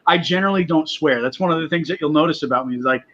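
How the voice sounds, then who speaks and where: Man, podcast guest, high voice, rambling, filler-heavy, dull lo-fi recording. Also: very fast, a bit bright. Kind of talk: casual chat.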